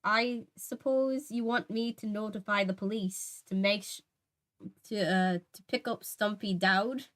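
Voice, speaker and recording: A woman's voice: medium pitch, measured pace, a bit bright, lightly acted. A woman voicing a puzzled, eager young man in a comical stage Irish accent.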